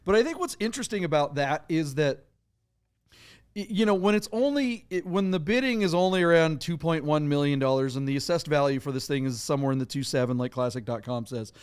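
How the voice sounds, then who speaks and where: A middle-aged man co-hosting a podcast, chatty and animated in casual talk. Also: fairly high pitch, fairly quick, clear, resonant tone. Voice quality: chatty, animated, laughs easily. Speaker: podcast co-host. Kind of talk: casual chat.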